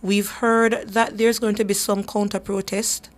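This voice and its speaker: A woman hosting a talk radio show, her voice sitting at an ordinary middle pitch. She speaks with earnest emphasis and often repeats a word or two while she finds her next thought. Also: level tone, unhurried. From Jamaica. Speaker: radio show host for a human rights group.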